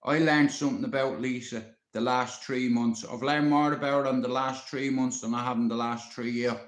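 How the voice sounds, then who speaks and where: A man's voice: medium pitch, fairly even intonation, moderate pace. An upset Irish man on a live stream, rambling and swearing often as he talks to a friend. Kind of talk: emotional live-stream rant. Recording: echoey roomy sound.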